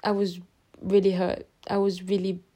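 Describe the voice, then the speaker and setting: A woman's voice: mid-range voice, monotone, normal speed, warm tone. A young adult woman hosting a podcast, giving a candid, rambling personal update with many restarts and affectionate words for her listeners. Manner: openly emotional, affectionate toward listeners. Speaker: podcast host. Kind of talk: casual personal update monologue.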